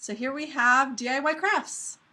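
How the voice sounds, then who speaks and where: An upbeat woman co-hosting a live marketing video chat. Her voice is bright and clear. She keeps things moving and laughs easily. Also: high voice, unhurried. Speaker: co-host.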